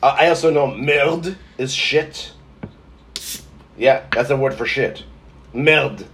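A man's voice: mid-range voice, slow, fairly bright tone, a little hiss or hum. A man chatting casually on a podcast, rambling and self-deprecating, laughing often. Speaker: podcast host. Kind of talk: casual chat.

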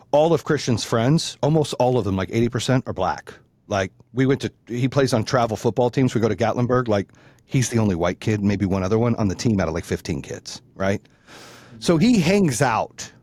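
A middle-aged man telling a long story in a casual, animated, profane way. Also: fairly low pitch, no echo. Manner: profane, animated, acts out the people in his story.

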